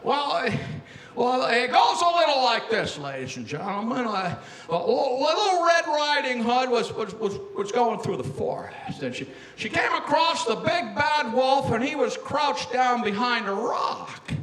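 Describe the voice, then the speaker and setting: A man's voice: extremely high pitch, big pitch swings, a bit bright, pitched above the performer's own voice, heavily acted. A man doing an impression of a stammering, drawling old-time film star as he tells a joke. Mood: folksy storytelling. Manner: stammering, repeats words, drawn-out. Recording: echoey room.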